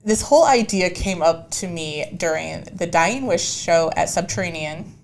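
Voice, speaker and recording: A woman's voice: on the low side, animated, normal speed, slight background noise. A woman co-hosting a podcast, leading the topic in casual chat and checking in with questions. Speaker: podcast co-host.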